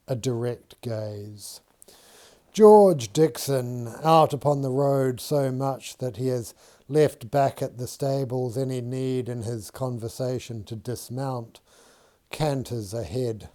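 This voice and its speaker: A man reading a novel aloud in a measured, unhurried storytelling manner. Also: medium pitch, warm tone. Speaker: audiobook reader.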